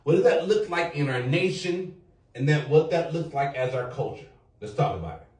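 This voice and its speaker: A man's voice: on the high side, moderate pace. A man hosting a podcast round-table, talking loosely and jokingly, swearing now and then and leading the group in call-and-response. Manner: animated, jokey, swears freely, leads chants. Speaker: podcast host. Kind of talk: casual round-table talk. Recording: roomy echo, distant mic.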